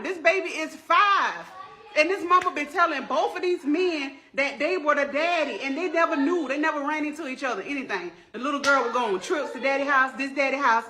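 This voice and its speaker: A woman's voice: high-pitched, normal speed. A woman who works in a school front office, casually telling a story to camera and acting out the people in it. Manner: animated retelling, acting out quoted voices. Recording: noisy background.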